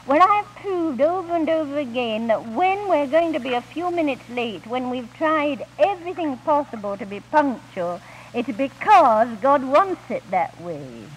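A woman speaking at a 1950s Christian camp meeting, gently telling homely stories as she ministers, on an old archival recording. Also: high-pitched, slight background noise, rough recording. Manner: gentle storytelling with homely anecdotes. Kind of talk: 1950s recorded devotional talk.

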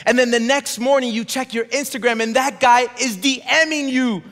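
A high-pitched male pastor preaching with emphatic, rising intensity. He calls on the congregation to repeat words after him. His voice rings through a large church hall with a long reverb tail. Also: steady tone, moderate pace, a bit bright. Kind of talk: sermon.

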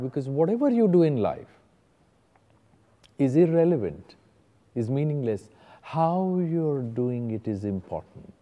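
Older Indian man telling stories in a hall. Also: medium pitch. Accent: Indian English. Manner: animated storyteller, acts out dialogue, mixes in Hindi phrases. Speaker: guest artist speaking to students. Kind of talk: storytelling talk. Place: art gallery. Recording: reverberant hall.

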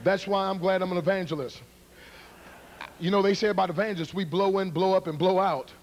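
A man's voice: high-pitched, fairly even intonation, brisk, a little hiss or hum. A middle-aged man, an evangelist, joking and teasing a live church audience before a karate demonstration. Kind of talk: humorous sermon introduction to a live congregation.

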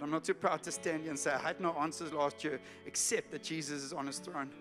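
A man from South Africa preaching a sermon as a pastor, moving from hushed pleas to loud urgent calls. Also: fairly high pitch, fairly even intonation, fast talker, hardly any pauses. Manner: emotional, swings from hushed to shouting. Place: church hall. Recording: church hall reverb with soft music.

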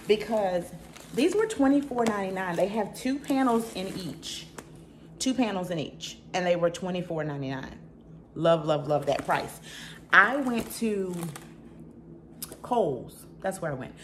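A woman's voice: on the low side, a little hiss or hum. A middle-aged woman from the American South with a Southern accent, chatting casually and emphatically to viewers in a home haul vlog. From Southern United States. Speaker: channel host.

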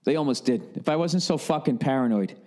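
A middle-aged man hosting a podcast, telling a comedic story in an animated, profane rant. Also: medium pitch, a little fast. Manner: animated and profane, working himself up. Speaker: podcast host.

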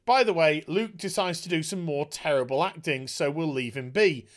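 A man's voice: a little high, normal speed. A man ranting in a video review, exasperated and sarcastic, swearing often. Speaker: TV show reviewer.

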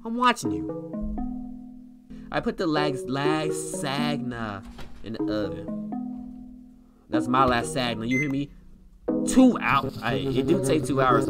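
A young man giving live commentary on a video game he is playing, with slangy reactions and sudden loud outbursts. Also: mid-range voice. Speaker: gaming streamer. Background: loud game music with plucked guitar.

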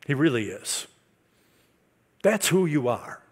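A male pastor delivers a sermon in a somewhat higher voice than most men. He preaches with emphasis, building up to loud, forceful declarations as he drives a point home. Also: very animated, slow pace, slightly rough. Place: church service.

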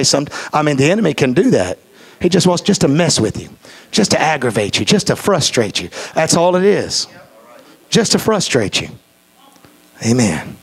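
A man preaching a sermon as pastor, talking emphatically and repeating key phrases. He slows to a measured, deliberate cadence when running through a list. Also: on the high side, big pitch swings, vocal fry, breathy edge.

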